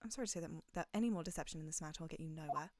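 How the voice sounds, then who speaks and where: A woman voicing a formal young male lawyer in a deliberately bad put-on British accent, reading lines theatrically. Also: low-pitched, background noise. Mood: stern.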